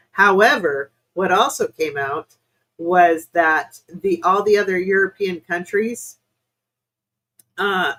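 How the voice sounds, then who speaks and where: A woman's voice: fairly low pitch, poor audio. Rambling woman doing a live spiritual reading. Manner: rambling and hesitant, with many fillers; apologetic, chatty address to viewers. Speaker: spiritual reader hosting a live stream. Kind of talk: live-stream reading answering chat questions.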